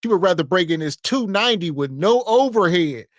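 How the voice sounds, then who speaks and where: Man, podcast co-host, matter-of-fact, wry, slightly high voice, dry recording. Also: animated, brisk, dry recording. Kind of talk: casual podcast commentary.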